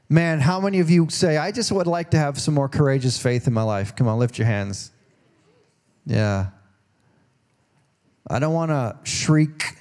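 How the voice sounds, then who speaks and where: A pastor with a warm, mid-range voice preaches a conversational sermon at a church service. He asks the congregation questions and acts out the voices in quoted dialogue.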